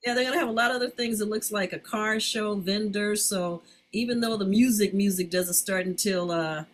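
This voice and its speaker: A woman's voice: medium pitch, fairly even intonation, brisk, low-quality recording. A woman hosting an online community panel, asking questions with many ums and encouraging words. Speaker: host.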